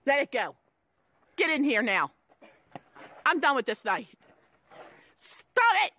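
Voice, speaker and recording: Shrill, scolding mother. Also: sing-song, slow. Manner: exasperated scolding, yelling. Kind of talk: heated family argument.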